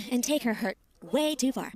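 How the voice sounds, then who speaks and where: A woman's voice: fairly high pitch, lively intonation, normal speed, darkish tone. A woman with a put-on Southern US accent, speaking through a voice modulator in a commentary video, sarcastic and mocking.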